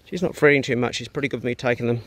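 A man's voice: mid-range voice, racing. A man with a New Zealand accent, a rural vlogger chatting casually outdoors on his farm in a laid-back, colloquial way. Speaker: vlogger and homesteader. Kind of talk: casual vlog chat.

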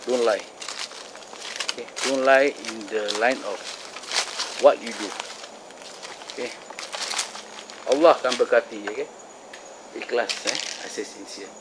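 A man with a Singaporean accent talking casually as a solo ghost-hunting vlogger. He is chatty, slips Malay phrases into his English, and sometimes drops to a hush. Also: mid-range voice, a little slow, long pauses, background noise. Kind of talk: casual solo vlog narration. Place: outdoors in a park at night. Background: faint crickets and insects.

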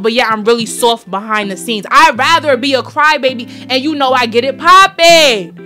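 Brief: twenties New York woman, podcast host, blunt and profane, sharp bright tone, faint music under her. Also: high-pitched. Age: 20s. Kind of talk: blunt motivational monologue.

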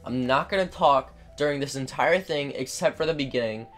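A man's voice: medium pitch, fairly quick, fairly bright tone. A man hosting a gaming channel, rambling chattily through let's play commentary and swearing when he gets frustrated. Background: faint video game music.

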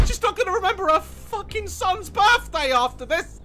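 A man reacting to clips and games with loud, sweary, excitable commentary. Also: extremely high pitch, measured pace, heavy background noise. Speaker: comedy YouTuber.

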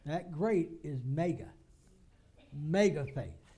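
Male pastor, high voice, emphatic sermon delivery with repetition. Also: animated, takes it slowly, long pauses, dark tone, breathy edge. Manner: emphatic preaching, repeats phrases for stress. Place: church.

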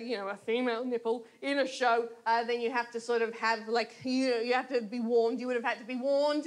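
A woman comedian, doing a chatty, self-mocking stand-up set on stage. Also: a little high. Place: theatre stage with a laughing audience. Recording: live stage recording with loud audience.

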